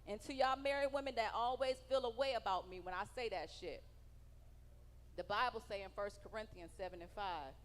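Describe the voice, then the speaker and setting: A woman speaks briskly at medium pitch during a stand-up comedy set in a large hall. Her humor is brash and profane, and she teases people in the audience. The live space gives a long, reverberant sound.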